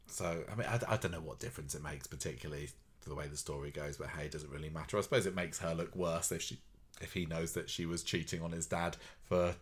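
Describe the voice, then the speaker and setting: A man co-hosting a podcast, recapping a soap in a rambling chat with wry asides. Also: sits low. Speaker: podcast co-host.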